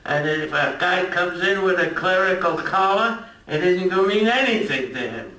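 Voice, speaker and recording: An older man with a slightly high, sharp-toned voice gives an informal history lecture in a lecture room at a retirement community. He's chatty and jokes with the audience, and the distant mic picks up an echoey room.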